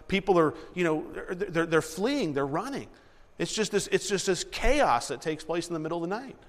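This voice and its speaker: Lively preacher guy reading scripture, kinda high voice, long hall echo. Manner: animated, repeats himself, acts out scenes. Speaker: preacher teaching a Bible passage. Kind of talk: sermon with verse reading.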